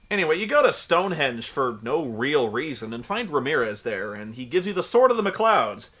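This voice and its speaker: A man's voice: a little high, very animated, fairly quick, few pauses, a bit bright, a little hiss or hum. A man giving a comedic video game review, sarcastic, exasperated and profane.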